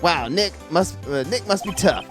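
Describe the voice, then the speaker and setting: A woman's voice: on the low side, animated, moderate pace, over music, natural voice. A woman voicing a goofy, lovesick young man with a whiny voice.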